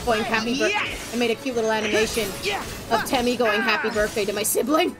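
A woman's voice: a little high, fast talker. A woman livestreaming a video game, joking around with friends in a playful, exclamatory way. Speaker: streamer. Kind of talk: casual gameplay livestream chat. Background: game music.

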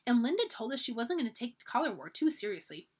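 A woman's voice: a little high, sing-song, quick pace, darkish tone, breathy edge. A woman voicing a determined, scheming young girl at camp, talking earnestly and urgently while reading a children's storybook aloud.

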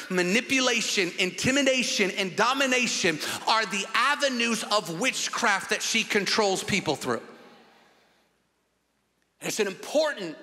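A man's voice: sits high, bright, forceful tone. A man pastor preaching a sermon emphatically, with long repetitions. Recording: long hall reverb.

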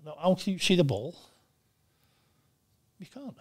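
An older man in his sixties, talking bluntly and with lots of swearing in a casual interview, telling animated stories. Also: sits high, measured pace, slightly rough, no echo, clean studio sound. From Wales. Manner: blunt, profane, animated storytelling. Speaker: guest, former goalkeeper.

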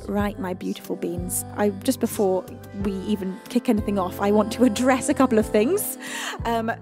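A British woman hosting a live music stream, chatting affectionately and giggly with her viewers from her home studio. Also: mid-range voice. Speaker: livestream music host. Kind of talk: casual chat with viewers.

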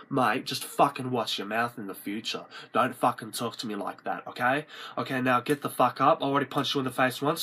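A man's voice: medium pitch, fairly bright tone, husky. A man playing a crude, boastful Australian bogan with a broad accent in a comedy sketch. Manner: blunt, swaggering, crude.

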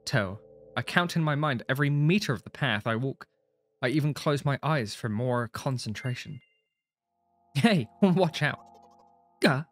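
A young man with a mid-range, slightly bright voice reads a visual novel aloud as a gaming streamer. He reacts as he goes, chatting casually and swearing and laughing often between lines.

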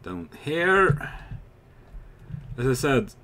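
A young man giving casual, chatty commentary while playing a game, excitable and swearing freely. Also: mid-range voice, extremely slow, a little hiss or hum. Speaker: gamer.

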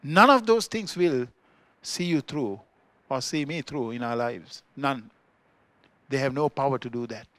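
Sri Lankan pastor preaching with dynamic emphasis. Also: male voice, unhurried, no echo. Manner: swings between loud emphatic peaks and quiet low asides. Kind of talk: sermon. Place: church.

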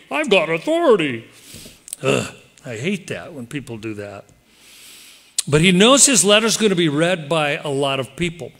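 A pastor preaching a sermon in church, lively and direct, slipping into quoted voices as he explains the text. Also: medium pitch. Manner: animated, acts out quoted voices.

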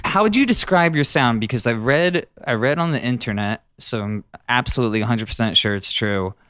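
A man's voice: medium pitch, brisk, pushed and bright, smooth. A man hosting a casual studio interview, teasing and joking with his guest. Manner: jokey, teasing, self-deprecating. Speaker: interviewer, host.

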